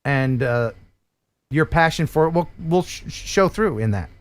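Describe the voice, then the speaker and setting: An American man hosting a casual livestream with a slightly raised pitch. He chats loosely, jokes with his co-host, and reads sponsor spots like an eager pitchman. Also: lively intonation, normal speed, smooth. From United States. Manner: chatty, joking, enthusiastic pitchman.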